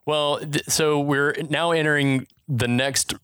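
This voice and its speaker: A man's voice: fairly high pitch, little pitch movement, a little slow, a bit bright, clear, resonant tone, no room sound. A man co-hosting a podcast, recapping a movie in a laid-back, profane, wry way. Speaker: podcast co-host. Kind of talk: casual movie recap chat.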